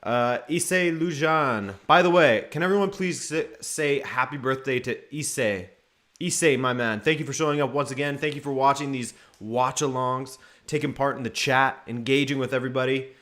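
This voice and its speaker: A man's voice: medium pitch, moderate pace, fairly bright tone. A man hosting a live football watchalong stream, chatting casually, going over lineups and greeting viewers from the chat by name.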